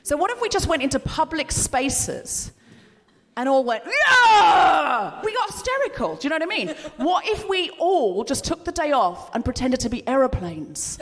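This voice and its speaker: A woman co-hosting a live comedy podcast, doing a playful stand-up bit and leading the audience in chants on a handheld mic. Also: sits high. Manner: animated, playful, leads the crowd in chanting. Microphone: handheld stage mic. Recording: reverberant hall, noisy live room.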